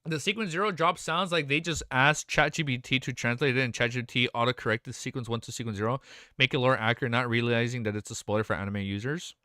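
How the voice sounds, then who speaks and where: A man's voice: medium pitch, steady tone, quick pace, pushed and bright, no room sound, studio quality. A young adult man live-streaming, chatting casually, rambling and swearing as he reads chat aloud.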